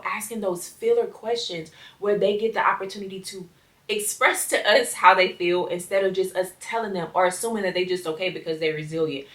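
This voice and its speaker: A woman's voice: mid-range voice, fairly even intonation, a little fast, fairly bright tone. A young adult woman hosting her podcast, talking earnestly and reflectively to her listeners in a casual solo chat. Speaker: podcast host. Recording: roomy sound, a bit distant from the mic.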